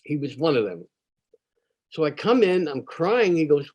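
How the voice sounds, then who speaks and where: A man's voice: fairly high pitch, unhurried. Older man telling a childhood story. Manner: animated, conversational, acts out quoted voices. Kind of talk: personal storytelling.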